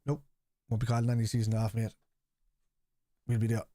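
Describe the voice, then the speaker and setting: A fan channel host runs a live watchalong, reading viewer chat aloud and answering it bluntly and casually while swearing freely. His medium-pitched voice is mellow and completely flat, moving a little fast. The studio sound is clean, with no room sound.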